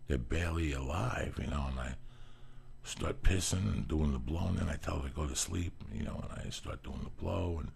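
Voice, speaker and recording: A man telling personal stories in a casual talk, animated and profane, acting out what people said. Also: a bass voice, moderate pace, vocal fry, slight background noise. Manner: profane, animated storytelling, acts out quotes. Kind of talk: casual storytelling chat.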